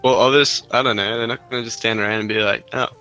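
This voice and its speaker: A man's voice: on the low side, steady tone, quick pace, pushed and bright, soft background music. A young Australian man co-hosting a podcast, chatting in a laid-back, joking way and swearing casually. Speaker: podcast co-host. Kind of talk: casual chat.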